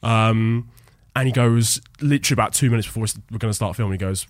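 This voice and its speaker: Lively young British man telling stories. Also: lowish voice, fast, no echo, studio quality. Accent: British English. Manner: animated storytelling with frequent laughs. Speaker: guest. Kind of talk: casual podcast chat.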